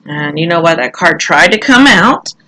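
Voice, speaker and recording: A woman's voice: on the low side, animated, moderate pace, pushed and bright, a little hiss or hum, rough recording. A middle-aged woman talking casually through a tarot reading, chatty and candid, now and then swearing or laughing at herself. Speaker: tarot reader.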